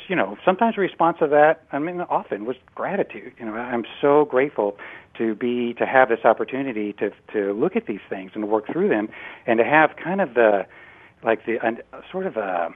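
A man's voice: on the low side, breathy edge. A man speaking as a guest in a reflective interview, thoughtful and hesitant, often restarting his sentences. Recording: tinny phone line.

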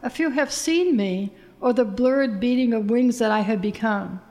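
A woman narrating a literary first-person story in a measured, expressive reading voice. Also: fairly high pitch.

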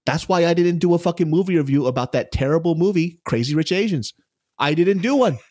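A blunt, profane man hosting a casual podcast chat. His pitch swings widely as he gets worked up. The sound is dry and close, with no room around it. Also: lively intonation, brisk, darkish tone, no room sound. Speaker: podcast host.

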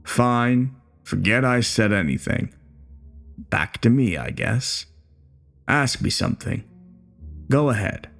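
A man's voice: mid-range voice, lively intonation, takes it slowly, creaky, pauses often, fairly bright tone, soft background music, heavily acted. A man playing a bitter, crude older war veteran in a horror story, speaking in a coarse, taunting way.

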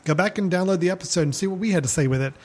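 A man's voice: high-pitched, racing, a little mellow. A man hosting a casual film podcast, talking in an upbeat, loose, chatty way. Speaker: podcast host.

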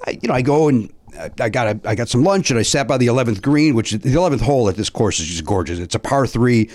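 A man's voice: mid-range voice, lively intonation, fast, darkish tone. A middle-aged man chatting as a podcast guest, telling a story with lots of fillers and restarts. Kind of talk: casual chat, telling a story.

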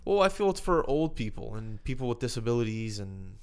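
A man's voice: medium pitch, big pitch swings, fairly quick, clear, resonant tone. A young man co-hosting a podcast in casual chat, wry and teasing, peppering his co-host with questions.

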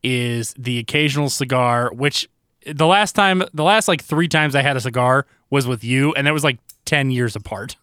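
Bright-voiced man chatting casually. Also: medium pitch, moderate pace, clear, resonant tone, dry recording, studio quality. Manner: easygoing, brief agreeing replies. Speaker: podcast co-host. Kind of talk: casual chat.

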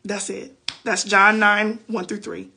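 A woman's voice: medium pitch, level tone, unhurried, sharp tone, slightly rough. A woman hosting a faith podcast, giving casual Bible teaching on a phone livestream in a chatty, preachy way with loose slang.

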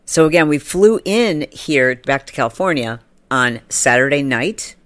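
A woman in her forties hosting a podcast, telling a funny story in a casual way and acting out other people in a high voice, with laughs along the way. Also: lively intonation, measured pace, no room sound. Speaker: podcast host.

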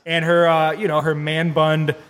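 A man co-hosting a casual podcast, telling an animated story, laughing often and acting out what people said. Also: a little high, normal speed, clean tone, in a large hall. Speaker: podcast co-host.

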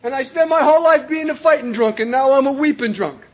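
An older man from Cleveland telling his own recovery story to a meeting, emphatic, swinging from shouts down to quiet lines. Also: quick pace. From Cleveland, Ohio, USA. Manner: emphatic, raises voice to a shout then drops low. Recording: dull lo-fi recording.

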